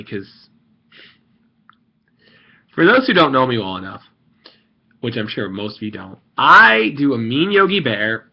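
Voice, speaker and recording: A young man rambles through a salty gaming rant, swearing freely and trailing off mid-thought. His voice sits at an ordinary middle pitch. The audio is a little dull and lo-fi, as if from a home computer mic. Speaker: gaming video creator.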